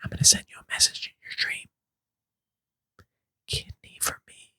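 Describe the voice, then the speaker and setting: A man whispering as a creepy hushing doctor. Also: on the low side, moderate pace, no echo, clean studio sound, close to an everyday voice. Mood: sinister. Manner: hushing, murmured, sinister. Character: creepy hushing male doctor stealing organs. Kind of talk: whispered role-play.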